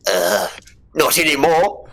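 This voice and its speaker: A male player hamming up his character at a tabletop game. His voice is bright and edgy, swooping in pitch. Faint music hums in the background. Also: sing-song, takes it slowly.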